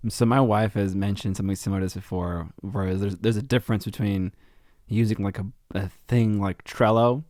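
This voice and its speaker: A man co-hosting a casual podcast, relaxed and chatty, with many fillers. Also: on the low side, brisk, no echo, studio quality. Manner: relaxed, chatty, filler-heavy with likes and ums. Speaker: podcast co-host.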